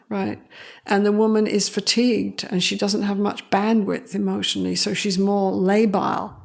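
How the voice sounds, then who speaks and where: A woman psychologist speaking as an interview guest, telling stories in a lively way, acting out other people's voices and laughing often. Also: medium pitch, vocal fry. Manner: animated, acts out quoted voices, laughs often. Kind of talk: conversational interview storytelling.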